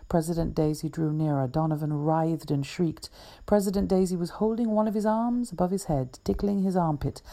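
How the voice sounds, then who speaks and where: A woman author reading her own short story aloud in a measured, even way. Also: low-pitched, creaky.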